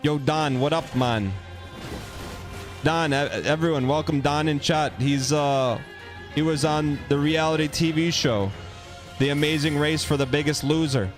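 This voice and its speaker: A man's voice: fairly high pitch, moderate pace. Chatty male game streamer, faint music. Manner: rambling, joking, reading out chat. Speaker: gaming livestream host. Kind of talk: casual chat while streaming a game.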